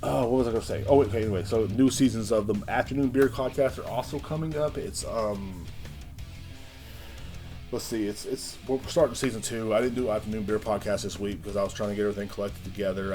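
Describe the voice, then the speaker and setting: A man's voice: lowish voice, fast, darkish tone, faint music behind. A man hosting a casual podcast, ranting in a brash, profane, rambling way. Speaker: podcast host.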